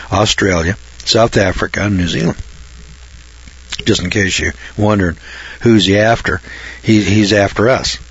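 A man's voice: low voice, husky. A man preaching a folksy Bible sermon, blunt and colloquial. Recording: dull lo-fi recording.

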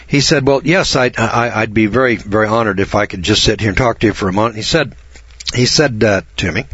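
A man's voice: fairly low pitch, a bit bright, slightly rough, dry recording, muffled recording. Older man telling a rambling story. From Idaho. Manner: rambling, halting restarts, slow deliberate emphasis. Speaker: speaker telling a personal story. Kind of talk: casual storytelling, reading from notes.

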